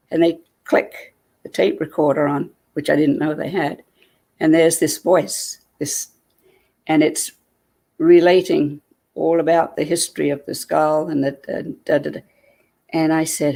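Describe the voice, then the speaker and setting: Gravelly woman telling a story. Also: deep voice, moderate pace. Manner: lively storyteller who acts out what people said. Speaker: guest. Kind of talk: personal storytelling.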